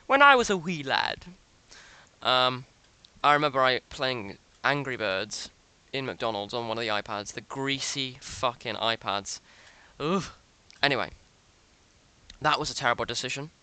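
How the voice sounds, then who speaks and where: A man's voice: medium pitch, pushed and bright, clear, resonant tone, dry recording. Profane ranting man. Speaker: reaction video host. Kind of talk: ranting commentary.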